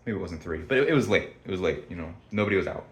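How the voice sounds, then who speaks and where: A man's voice: sits low, expressive, racing. A young man telling a story to camera in a rambling, blunt, profane way with many restarts. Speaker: vlogger. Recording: echoey room.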